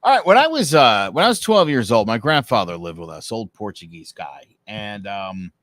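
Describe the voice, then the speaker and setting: A man co-hosting a casual podcast, telling animated stories. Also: lowish voice, normal speed, no room sound. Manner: animated storyteller who acts out dialogue. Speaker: podcast co-host.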